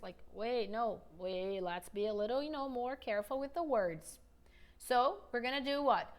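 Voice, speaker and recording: A woman teaching an online English lesson, upbeat and coaxing, slowing down to model sentences for learners to repeat. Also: fairly high pitch, animated.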